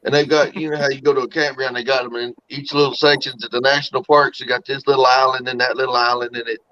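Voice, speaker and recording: A man's voice: medium pitch, level tone, fast talker, a bit bright, a little hiss or hum. A man telling folksy stories in casual chat. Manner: folksy storyteller, acts out quotes. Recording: dull lo-fi audio.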